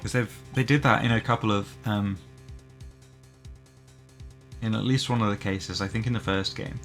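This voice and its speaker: A man's voice: fairly low pitch, steady tone, normal speed, a bit bright. A man giving casual, rambling let's-play commentary full of fillers between reading game lines. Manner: rambling, filler-heavy asides. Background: game music.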